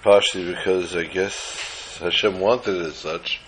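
A low-voiced man gives an informal religious talk, drifting from a personal anecdote into a teaching story. He rambles and corrects himself as he goes. Faint background noise runs beneath his voice. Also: fairly even intonation, unhurried, fairly bright tone, low-quality recording.

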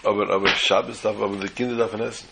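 A man's voice: on the low side, steady tone, fast, vocal fry, pushed and bright, husky, exaggerated voice. A man voicing a poor, pious rabbi who pleads tearfully. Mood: pleading.

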